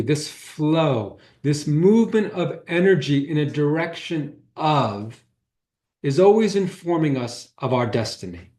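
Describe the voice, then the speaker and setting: A man's voice: on the high side, darkish tone. A man, a holistic healer, giving a talk and telling an earnest, reflective story about his own past. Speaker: holistic healer teaching a workshop. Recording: roomy echo.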